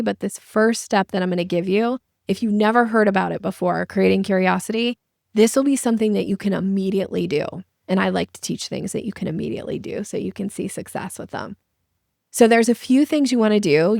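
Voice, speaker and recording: Woman sales trainer, animated teaching, gravelly tone, dry close sound. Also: medium pitch, dry recording. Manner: lively, acts out little voices and examples. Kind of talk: webinar masterclass presentation.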